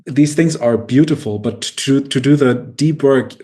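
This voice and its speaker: A man's voice: medium pitch, a little slow, dark tone. A man co-hosting a podcast, reflective and searching for his words with many fillers and restarts. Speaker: podcast co-host. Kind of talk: casual podcast discussion.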